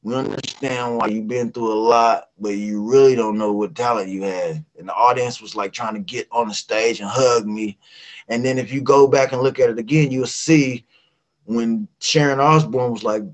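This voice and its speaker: A middle-aged man from West Virginia, a guest singer telling a lively casual story and acting out the voices of people in it. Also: medium pitch, moderate pace, low-quality recording.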